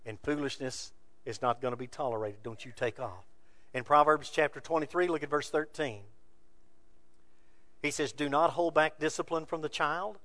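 Man, pastor preaching, fairly high voice, emphatic rises, hushed asides. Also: fairly even intonation, normal speed, dry recording. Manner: preaching with rising emphatic peaks and quiet asides. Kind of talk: sermon.

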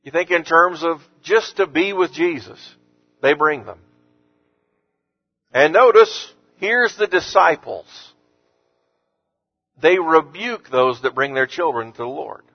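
A man's voice: fairly high pitch, lively intonation, slow pace, creaky, pauses often, lo-fi sound. A man preaching a sermon, earnest and rising to emphatic force on the scripture he quotes. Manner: earnest, rising to emphatic when quoting Jesus. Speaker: pastor.

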